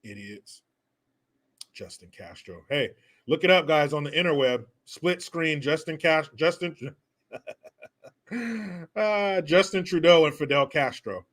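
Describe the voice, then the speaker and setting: A man hosting a casual commentary vlog in a bright, forward voice pitched a little above the usual. He talks with a sarcastic, mocking edge, swears freely and breaks into laughter often. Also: animated, slow pace. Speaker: host.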